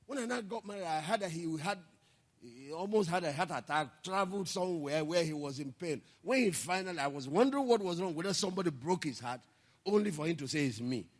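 A male pastor preaching a sermon, telling stories and building to impassioned shouts. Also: on the high side, lively intonation, fast talker, big-room sound.

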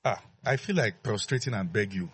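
A man's voice: on the low side, lively intonation, a little fast, background noise. A man preaching a sermon as pastor, emphatic, repeating his phrases and leading call-and-response with the congregation.

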